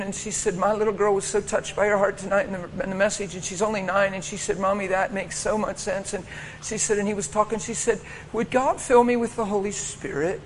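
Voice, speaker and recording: A pastor telling a story in a sermon, animated and acting out voices, laughing often. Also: male voice, high voice, a little hiss or hum. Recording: hall reverb, faint ambience.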